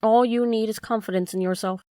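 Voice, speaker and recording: A woman's voice: fairly high pitch, steady tone, brisk, warm tone, no room sound, studio quality, lightly acted. A woman voicing the Wizard, a meek humbug. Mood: mild. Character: the Wizard, a little old humbug man.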